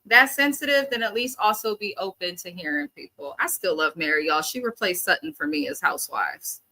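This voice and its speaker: A woman's voice: mid-range voice, lively intonation, fairly quick, bright, forceful tone, rough recording. A woman co-hosting a casual reality TV recap, sharing earnest opinions. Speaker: podcast co-host.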